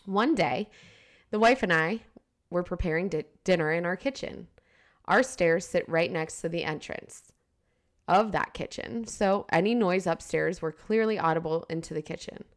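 Brief: woman co-host, lowish voice, frank and laughing, reads a story aloud between chat. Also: unhurried. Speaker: podcast co-host.

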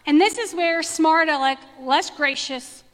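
A woman telling a self-mocking personal story to a live audience in a chatty, animated way. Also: high-pitched, a little slow. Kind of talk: storytelling talk. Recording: echoey hall with long reverb.

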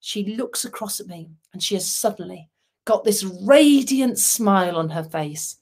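A woman's voice: medium pitch, unhurried, a little mellow, breathy edge. A middle-aged woman, giving a motivational talk as a humorous storyteller with dry asides. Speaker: motivational speaker.

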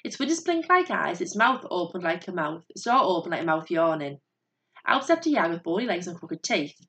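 Low-voiced woman narrating a storybook. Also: sing-song, a little fast, fairly bright tone.

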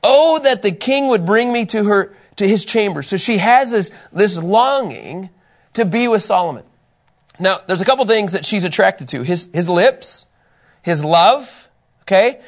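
A middle-aged man teaching a Bible class in a casual, animated way, telling personal stories and laughing at himself. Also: high-pitched, measured pace.

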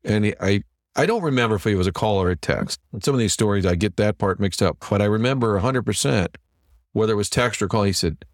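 A fairly low-pitched middle-aged man spinning casual anecdotes as a podcast guest. He talks like a seasoned TV sports director, lively and chatty, slipping into other people's voices as he quotes them. The sound is dry and close, with no room around it. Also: fast, dry recording. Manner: animated anecdote teller who acts out quotes. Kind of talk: casual storytelling interview.

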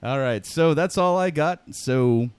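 A man's voice: fairly high pitch, measured pace, a little mellow, clean tone, no room sound. A man hosting a casual podcast chat, giggly and self-deprecating. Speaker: podcast host and voice actor.

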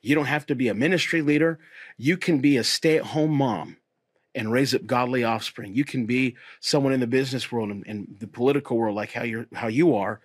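A man, a pastor and host, talking earnestly and encouragingly about faith in a relaxed conversation. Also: mid-range voice, brisk, dry recording, studio quality. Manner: earnest, encouraging, repeats phrases.

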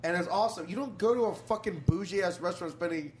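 A man's voice: sits high, fast talker. A man in casual chat, ranting emphatically with lots of swearing. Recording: roomy with crowd noise.

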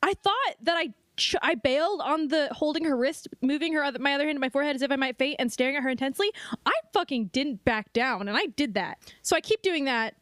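A woman's voice: high voice, fast talker, fairly bright tone, dry recording, studio quality. A young woman co-hosting a podcast, chatting casually and reading a book aloud, giggly and prone to laughing fits. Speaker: podcast co-host.

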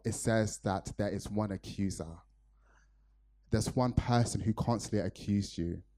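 Male preacher from Nigeria, low voice, earnest storytelling sermon. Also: darkish tone.

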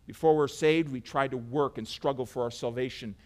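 A man preaching a sermon, repeating words and swinging between emphatic declarations and quiet, hushed passages. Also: mid-range voice, steady tone, fairly quick.

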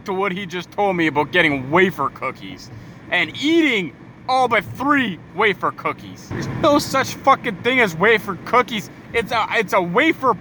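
Tired young guy ranting and swearing nonstop in his car at night, high voice, bright and sharp, faint road noise. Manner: profane, exasperated ranting. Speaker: podcast host. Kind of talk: angry comic rant.

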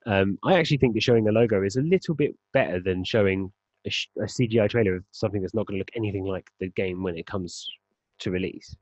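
A man with a low voice argues his point in a measured, even way during a casual podcast chat. The recording is dull and dry. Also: no room sound. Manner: measured, arguing a point calmly. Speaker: podcast co-host.

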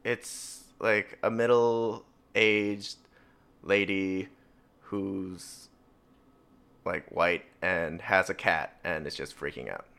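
Casual, lower-voiced male game master; narrates with lots of fillers. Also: steady tone, extremely slow, gravelly, bright, forceful tone, smooth.

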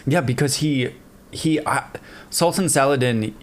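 A man co-hosting a casual history podcast, relaxed and chatty, adding facts with the odd swear word. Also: mid-range voice, unhurried. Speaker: podcast co-host.

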